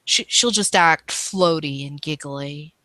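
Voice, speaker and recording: A woman's voice: sits low, slow, pushed and bright, no room sound. A woman narrating a tabletop role-playing game as game master, casual and rambling with many fillers.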